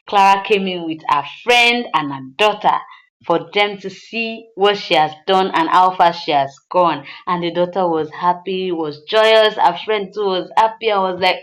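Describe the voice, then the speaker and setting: A woman's voice: lowish voice, moderate pace, a bit bright. A woman narrating a film recap in a chatty way, repeating lines and addressing listeners directly, in a slightly dull lo-fi recording.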